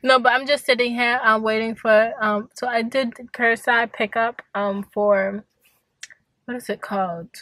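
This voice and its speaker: Sitting in her parked car outside on a hot day, a young woman chats casually for her vlog in a slightly high, somewhat bright voice with a steady tone and measured pace, recorded dry. Tired and yawning, she keeps laughing and uses plenty of fillers.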